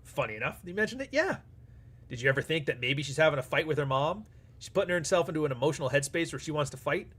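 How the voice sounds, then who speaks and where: Fast and animated, the man's husky, fairly bright voice sits on the high side as he hosts a live stream. He's blunt and casual, swearing often and performing both sides of conversations while answering super chats.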